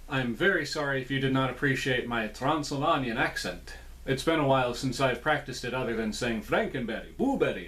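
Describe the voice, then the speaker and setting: A man's voice: mid-range voice, brisk, a bit bright. A man reviewing cereal in a casual vlog from a small indoor room, with playful, jokey asides.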